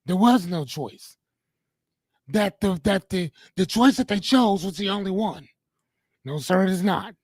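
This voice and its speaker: A man's voice: high voice, animated, a little slow, darkish tone, husky, no echo. Blunt, preachy man hosting a live podcast. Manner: preachy, blunt, addresses audience directly, swears casually. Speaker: podcast host. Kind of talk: live motivational podcast talk.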